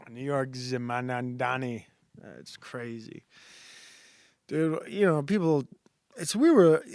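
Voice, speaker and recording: Rambling man with a smooth, dry voice. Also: medium pitch, no room sound. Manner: rambling, halting, many fillers and restarts. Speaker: streamer. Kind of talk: casual monologue.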